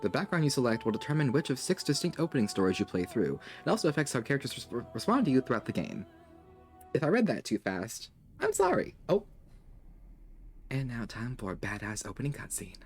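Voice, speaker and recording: A man's voice: mid-range voice, big pitch swings, brisk, faint music behind. A man hosting a let's play of a video game, chatting casually in a rambling, self-deprecating, jokey way. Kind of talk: casual gameplay commentary.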